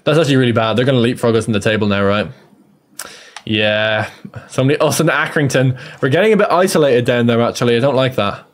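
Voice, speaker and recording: A man's voice: mid-range voice, quick pace, soft background music. A young Irish man giving casual, jokey live commentary on a game, self-deprecating and chatty. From Ireland. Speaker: streamer.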